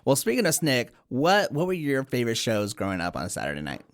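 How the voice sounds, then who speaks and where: Animated man explaining things. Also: medium pitch, quick pace. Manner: explanatory, laughs easily, lively. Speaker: podcast co-host. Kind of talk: casual chat over drinks.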